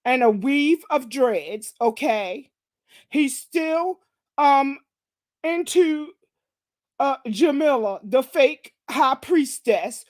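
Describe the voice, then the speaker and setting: High-voiced woman ranting with profanity. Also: no echo. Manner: profane, mocking, confrontational, repeats "okay?". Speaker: gossip commentary host. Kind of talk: ranting commentary monologue.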